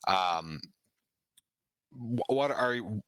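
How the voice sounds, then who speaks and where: Slow-paced male game master. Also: medium pitch, animated, fairly bright tone, smooth, no room sound, rough recording. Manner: descriptive, dramatic narration. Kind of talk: narrating a tabletop game.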